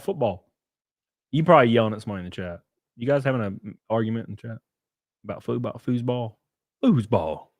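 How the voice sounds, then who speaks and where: A man's voice: mid-range voice, no room sound, studio quality. A man chatting casually on a live stream, rambling and joking as he reads chat and reacts to clips. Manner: rambling, joking, lively asides.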